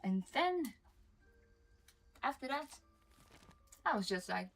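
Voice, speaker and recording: A woman's voice: high voice, big pitch swings, takes it slowly, soft background music. A young woman streaming and chatting casually with her viewers, rambling and self-deprecating, full of "like" and casual swearing. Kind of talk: casual chat to a live stream chat.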